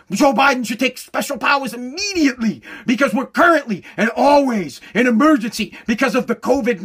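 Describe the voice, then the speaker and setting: A woman unleashes a heated, profane political rant full of sarcasm, swinging between shouting and slow, low emphasis.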